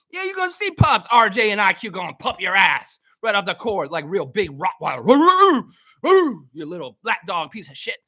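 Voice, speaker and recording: A man's voice: sits high, sharp tone, no room sound, clean studio sound. A man hosting a live sports chat stream, brash and trash-talking, reading viewer comments aloud.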